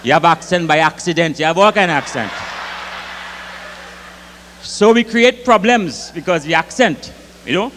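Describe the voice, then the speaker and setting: A Grenadian man doing comic storytelling onstage at a live concert, lively and rich in dialect, acting out the voices in his tales. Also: a little high, moderate pace, long pauses, slight background noise. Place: concert hall with audience. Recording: live concert hall reverb, faint ambience.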